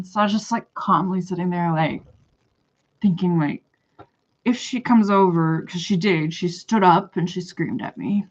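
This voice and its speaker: A woman's voice: on the low side, measured pace. A woman telling a story in a casual monologue that rambles, hesitates and trails off. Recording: dull lo-fi recording.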